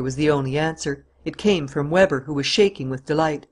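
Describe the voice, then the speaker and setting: A man's voice: fairly high pitch, brisk. A man narrating a classic adventure novel as an audiobook reader.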